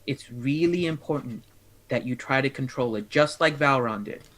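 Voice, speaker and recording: Bright, forceful man, tabletop player, chatty and playful. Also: mid-range voice, moderate pace. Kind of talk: casual tabletop play.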